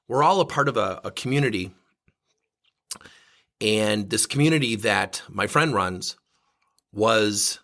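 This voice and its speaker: Male coach hosting a solo podcast, bright and husky, animated storyteller. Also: medium pitch. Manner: animated, self-mocking storyteller. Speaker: leadership coach and podcast host.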